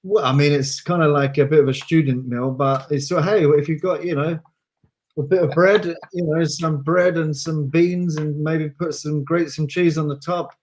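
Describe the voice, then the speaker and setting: A man speaks over a video call with a slightly higher voice. He hesitates a lot, filling gaps with ums and restarting his sentences. The tone stays relaxed and conversational. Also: normal speed. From England. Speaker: guest singer. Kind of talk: casual video call chat.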